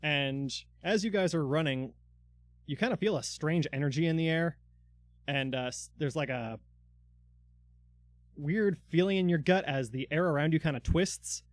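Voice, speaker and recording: Give me a slightly high-voiced man running a tabletop game, chatty and filler-heavy, with a dry, close sound. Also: moderate pace, long pauses, dry recording. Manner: loose, filler-heavy narration. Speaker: dungeon master.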